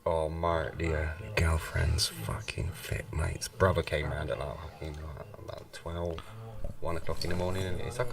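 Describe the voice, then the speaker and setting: A man's voice: extremely low pitch, normal speed, gravelly. A man chatting casually, rambling through sweary stories. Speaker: live stream participant. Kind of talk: casual chat. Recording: distant mic with crowd noise.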